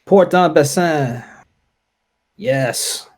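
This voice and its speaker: Slow, deliberate man reading dice rolls. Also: a little high, a little mellow. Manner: deliberate, reads dice results aloud. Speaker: wargame player. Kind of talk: casual play-through commentary.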